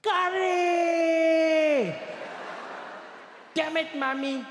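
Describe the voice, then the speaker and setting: A man's voice: very high-pitched, sing-song, takes it slowly, echoey room, big-room sound, a faint crowd, a little hiss or hum, pitched above the performer's own voice, exaggerated voice. A man playing a shrieking little boy. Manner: shrieking, then weary and resigned. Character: exasperated little boy sick of curry.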